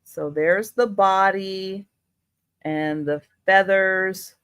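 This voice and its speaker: A woman co-hosting a live sale, talking slowly and deliberately as she describes items. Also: medium pitch, steady tone, a bit bright, clean tone, no room sound, clean studio sound. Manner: slow, deliberate, exclaiming. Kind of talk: casual live-stream selling.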